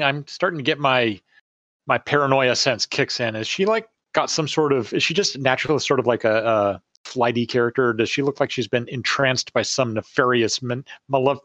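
A man's voice: medium pitch, fairly bright tone, dry recording. A man playing in a tabletop game, rambling and filling his speech with ums and uhs. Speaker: player. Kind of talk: casual tabletop game play.

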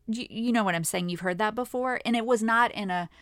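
A woman in her fifties hosting a podcast, telling a personal story to listeners in a candid, chatty way that sometimes drops to a hush. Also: fairly high pitch, a little fast, dry recording, studio quality. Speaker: podcast host.

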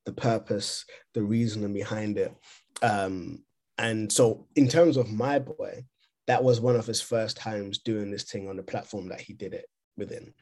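A man with a low, slightly husky voice talks through a podcast discussion over a remote call. He speaks casually and haltingly, restarting and repeating words while he works out his point. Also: darkish tone. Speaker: podcast co-host.

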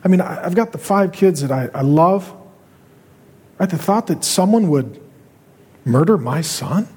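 A husky, slightly raised male voice preaches in a church auditorium, his words trailing into a long hall reverb. He is a middle-aged pastor who speaks slowly and deliberately, leaning into impassioned lines with dramatic pauses. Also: high-pitched, lively intonation, dark tone. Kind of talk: sermon.

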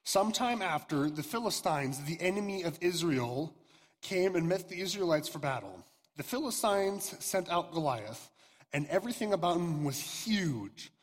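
A young man leads a youth sermon, retelling a scripture story in a loose, halting way full of fillers and restarts. His voice sits a little high and sounds husky. It rings out with a long reverb across a large hall. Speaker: youth pastor.

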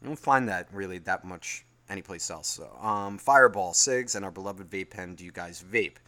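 A man's voice: deep voice, moderate pace, bright, forceful tone. A man hosting a solo podcast who reads out listener email, then rambles and swears heavily as he gets worked up. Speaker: podcast host.

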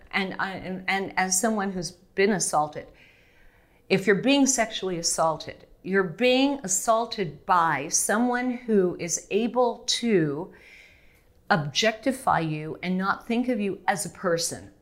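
Slow and expressive, her mid-range voice belongs to a middle-aged woman from Montreal, Canada. In a candid interview she's animated, laughs often, and frequently restarts what she's saying.

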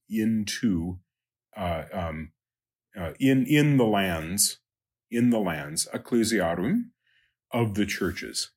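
A man teaching a Latin lesson, working through numbered exercises in a halting way with many ums and uhs. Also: fairly low pitch, breathy edge. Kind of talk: recorded lecture walking through exercises.

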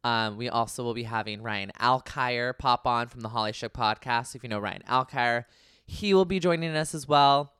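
A man hosting a podcast in casual chat, excitable and jokey. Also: mid-range voice, moderate pace, smooth, no room sound, studio quality. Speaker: podcast host.

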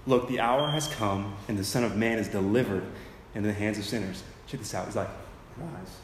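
In a noisy, echoey hall with faint ambience, a young man gives a laid-back sermon as a church youth speaker. His lowish voice runs fairly quick, dropping "dude" and "like" constantly while he impersonates the people in his story.

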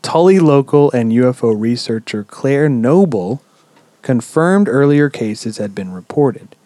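A man hosting a podcast, telling a story in a relaxed, chatty way with lots of "um"s and casual swearing. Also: mid-range voice, a little slow, dry recording. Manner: relaxed, swears freely, many "um"s. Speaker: podcast host.

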